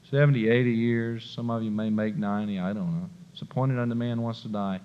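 A man preaching a sermon, swinging between hushed asides and loud, emphatic bursts. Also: on the low side, fairly even intonation, fairly quick, few pauses. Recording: dull lo-fi recording with long hall reverb.

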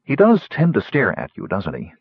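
A man's voice: mid-range voice, wildly swooping pitch, moderate pace, husky, dry recording, dull audio, exaggerated voice. A man voicing a bold, stubborn young woman adventurer, speaking in a raised, clipped, defiant way.

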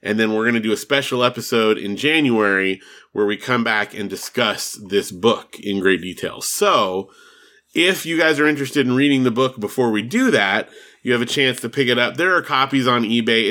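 A man co-hosting a podcast, talking in a relaxed, chatty way. His voice has a bright, forward tone. He laughs easily and keeps the talk loose. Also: mid-range voice, normal speed. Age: adult with children. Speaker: podcast co-host. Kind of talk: casual chat.

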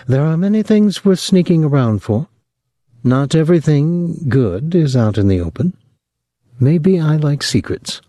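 A man reading the part of a placid young housemaid with a light French-Canadian accent, speaking low and evenly. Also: dry recording, studio quality. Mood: gentle. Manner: low, even, unhurried.

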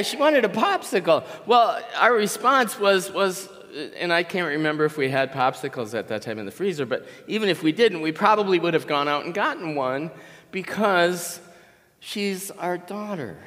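A man's voice: fairly high pitch, fairly bright tone. A man in his sixties giving a conversational sermon as a guest pastor, telling stories with frequent restarts. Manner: conversational, rambling storytelling with restarts. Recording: long hall reverb.

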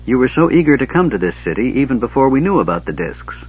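A man's voice: mid-range voice, sing-song, quick pace, breathy edge, soft background music. A man voicing a stern, suspicious male knight who speaks coldly and accusingly. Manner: cold, clipped accusation. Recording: dull lo-fi audiobook recording.

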